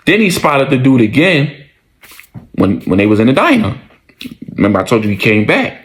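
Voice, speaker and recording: A man's voice: medium pitch, sing-song, normal speed. A man casually telling a story in slangy, profane speech, often repeating his lines for emphasis.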